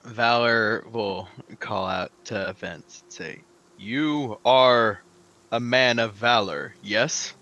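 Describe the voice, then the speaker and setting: A man playing a tabletop game, speaking slowly and grandly in character as a noble warrior. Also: fairly low pitch, bright, forceful tone, lo-fi sound. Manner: slow, grand, questioning in character. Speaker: player. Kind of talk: in-character tabletop role-play.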